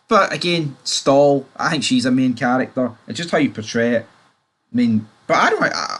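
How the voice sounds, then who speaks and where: A man in casual, opinionated chat about a TV series. He rambles and keeps turning to the viewer with asides. His voice sits at an ordinary middle pitch. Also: fairly bright tone, husky. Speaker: TV show reviewer.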